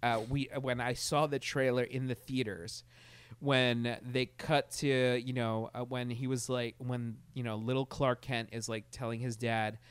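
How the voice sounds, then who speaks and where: A man in casual chat, animated and rambling, with many restarts and laughs. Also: mid-range voice, a little slow, clear, resonant tone, no room sound.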